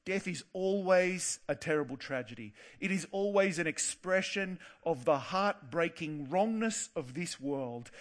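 A man with a fairly high voice preaches earnestly, slowing right down on the words he wants to stress.

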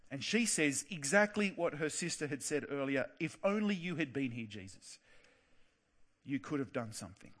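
A man with a fairly high voice preaching a sermon in an earnest tone. He slows right down on the words he wants to stress. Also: fairly bright tone.

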